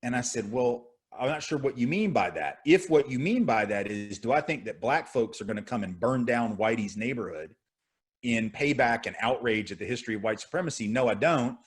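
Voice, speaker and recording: A man's voice: mid-range voice, expressive, a little fast, husky. A man in his fifties, a guest speaker answering audience questions in an impassioned, rhetorical way over a video call. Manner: impassioned, rhetorical, repeats "right?".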